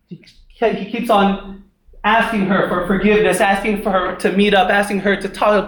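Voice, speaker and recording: A man's voice: high voice, moderate pace, pauses often. A young man preaching a sermon in a conversational way, with asides like "right?", in an echoey room.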